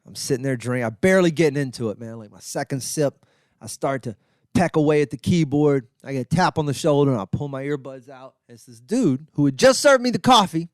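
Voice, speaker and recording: A man's voice: brisk, dry recording, studio quality. A middle-aged man and comedian host telling a self-mocking, profane story, acting out the voices of the people in it. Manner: animated, acts out quotes with big pitch jumps. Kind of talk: storytelling monologue.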